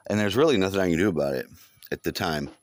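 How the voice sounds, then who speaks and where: Low-pitched and expressive, a vlogger rushes through the story of a long dream. He rambles casually, curses frequently, and goes back over the same things.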